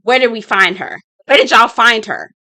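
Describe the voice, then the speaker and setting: A sassy woman vlogger reviewing reality TV in casual commentary, blunt and quick to swear. Her voice is bright and forceful, recorded dry and close. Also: on the high side, no room sound.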